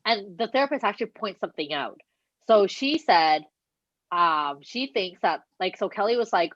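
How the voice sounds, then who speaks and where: A woman co-hosting a casual podcast, retelling a show with animated energy, swearing freely and acting out what people said. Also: mid-range voice, normal speed, no echo. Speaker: podcast co-host. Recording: dull lo-fi recording.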